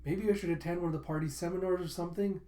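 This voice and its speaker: A man's voice: high voice, rapid-fire, warm tone, voice pushed up, lightly acted. A man reading a suave, polite spy. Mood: courteous. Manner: smooth and courteous. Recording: roomy echo.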